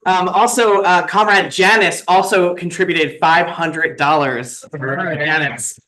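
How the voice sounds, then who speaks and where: High-voiced man reading out donors, upbeat. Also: fairly even intonation, slow, bright, forceful tone, slight background noise, low-quality recording. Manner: upbeat, salutes each name. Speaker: conference emcee. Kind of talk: reading out donor names at a conference.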